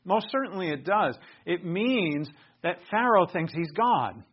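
A man preaching a conversational Bible teaching sermon, moving between relaxed explanation and emphatic raised bursts. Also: sits high, measured pace, slightly rough. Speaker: pastor. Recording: dull lo-fi recording.

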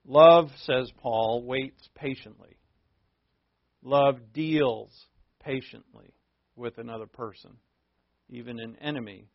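A man preaching a conversational sermon, earnest, asking rhetorical questions and shifting from emphatic to hushed. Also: mid-range voice, slow pace, vocal fry, pauses often, no room sound, lo-fi sound. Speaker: pastor.

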